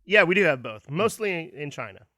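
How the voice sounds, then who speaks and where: A man with a bright, sharp, somewhat high voice that ranges widely. He co-hosts a casual podcast, teasing the others and quick to laugh. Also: sing-song, no room sound, clean studio sound. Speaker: podcast co-host.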